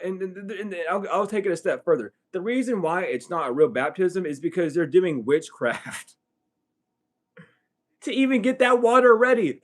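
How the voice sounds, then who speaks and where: A young man hosting a late-night livestream, talking bluntly and profanely in a casual monologue that rises into heated outbursts. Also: on the high side. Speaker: livestream host.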